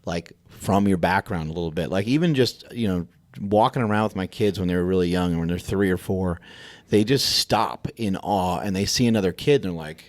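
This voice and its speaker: A man's voice: sits low, fairly quick, no echo. A man hosting a podcast in a laid-back, jokey casual chat. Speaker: podcast host.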